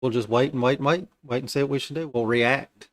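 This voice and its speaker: A man's voice: mid-range voice, fast. Man thinking aloud over live trades. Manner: informal, thinking aloud with colloquial slang. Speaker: futures day trader streaming live. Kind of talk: live trading commentary.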